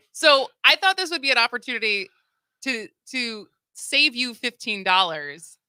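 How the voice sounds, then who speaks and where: A woman's voice: fairly high pitch, lively intonation, sharp tone, clear, resonant tone, dry recording. A woman co-hosting a radio talk show, chatting and laughing in casual studio banter. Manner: chatty, laughing, quick asides.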